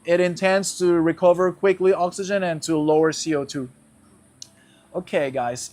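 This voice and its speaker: A man's voice: high-pitched, fairly even intonation, moderate pace, a little mellow. A man teaching a guided breathing lesson, explaining each step and checking in with his class as he goes. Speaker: breathwork instructor.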